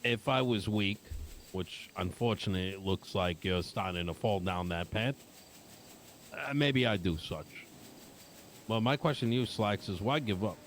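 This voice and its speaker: A low-voiced man arguing in character in an online roleplay game. His delivery is blunt and confrontational, peppered with profanity. A faint noise sits under the recording. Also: normal speed. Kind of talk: heated in-character argument.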